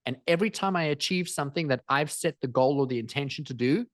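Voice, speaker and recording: Emphatic, energetic man, dry sound. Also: a little high, fast, no room sound. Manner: energetic, emphatic, repeats phrases for effect. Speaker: guest speaker. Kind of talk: animated interview storytelling.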